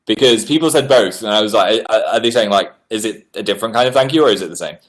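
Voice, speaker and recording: A man hosting a casual livestream, chattily reading out viewer messages and answering them, his pitch often jumping up on exclamations. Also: fast. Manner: chatty, animated, reads messages aloud with upward-jumping pitch. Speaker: livestream host. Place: indoors at home.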